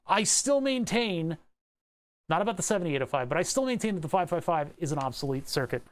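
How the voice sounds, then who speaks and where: A man's voice: a little high, big pitch swings, fairly quick. A man with a slightly raised voice chats casually on a livestream while working on electronics. He rambles between technical talk and tangents, with profanity and laughing asides.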